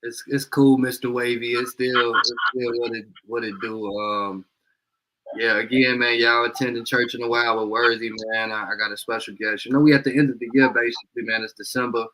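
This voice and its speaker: A man with an ordinary mid-pitched voice hosts a casual podcast chat. He speaks in relaxed street slang, often agreeing and riffing on his guest's points. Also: a little fast, background noise. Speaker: podcast host.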